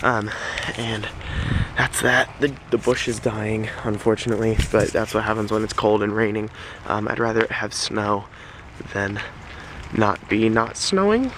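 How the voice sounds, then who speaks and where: Tired, low-voiced young vlogger. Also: male voice, measured pace, a bit bright, slight background noise. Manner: rambling, many ums and restarts. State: tired and unwell. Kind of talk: casual vlog chat. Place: outdoors in the rain, then a home garage.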